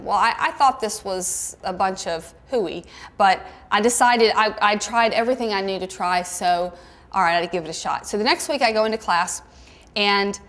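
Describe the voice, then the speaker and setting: A middle-aged woman with a Southern American accent, telling a personal story in an animated, conversational way. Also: mid-range voice, moderate pace. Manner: animated storyteller, with mimicking asides. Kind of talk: storytelling talk.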